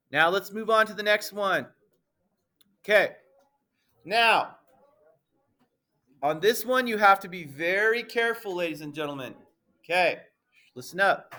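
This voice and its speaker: High bright-voiced male math teacher. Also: animated, measured pace, long pauses. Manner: playful, calls the class ladies and gentlemen, keeps checking understanding. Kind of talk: live classroom teaching. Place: classroom.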